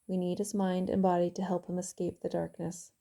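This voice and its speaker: A woman voicing a calm, caring young heroine who speaks softly and soothingly, with a gravelly, dark voice. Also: lowish voice, a little fast. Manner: soothing, soft-spoken.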